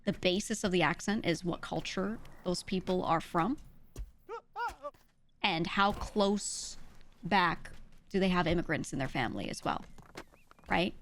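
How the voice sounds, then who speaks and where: A woman's voice: on the low side, a bit bright, slight background noise. A young woman, explaining in casual chat, emphatic and full of filler words. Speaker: streamer.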